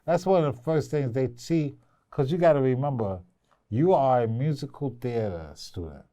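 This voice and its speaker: A man's voice: mid-range voice, expressive, normal speed, dark tone. A man coaching a young actress in a casual interview, playful and teasing, sometimes breaking into song. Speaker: acting coach.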